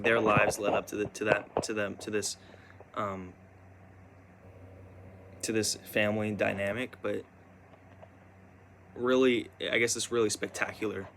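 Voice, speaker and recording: A young man telling a personal story in a rambling, halting way, full of restarts and fillers. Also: on the low side, bright, forceful tone, a little hiss or hum.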